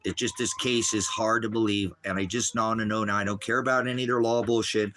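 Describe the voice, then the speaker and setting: Middle-aged man, bright edgy voice, rambling profane livestream rant. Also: lowish voice, steady tone, fast talker, a little hiss or hum.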